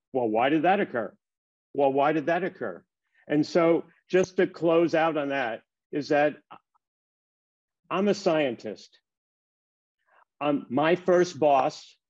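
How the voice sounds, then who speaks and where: A man in his seventies giving a talk, telling personal stories and acting out the dialogue in a lively way. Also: medium pitch. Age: 70s. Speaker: keynote speaker. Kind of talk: storytelling talk. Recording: dull lo-fi sound.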